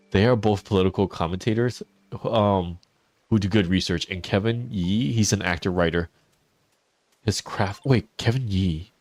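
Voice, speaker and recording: With a deep, darkish voice, this man speaks unhurriedly with long pauses, in a dry recording with soft music behind him. He's a teacher live-streaming a farming game, casually talking with his audience, responding to chat, and laughing a lot.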